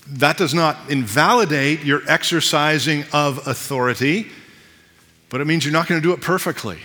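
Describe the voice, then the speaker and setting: A man's voice: a little high, sharp tone, long reverb tail. A man preaching a sermon as pastor, conversational with self-deprecating asides.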